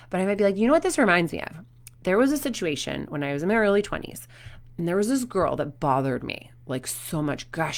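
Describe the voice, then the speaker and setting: Animated woman coach talking to parents. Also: lowish voice. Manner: animated storytelling with acted quotes. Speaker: performance coach.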